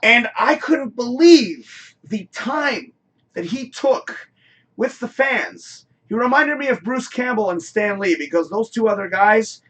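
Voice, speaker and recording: A man hosting a live show, telling a rambling, animated story in casual chat and swearing freely. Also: very high voice, takes it slowly. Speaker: show host.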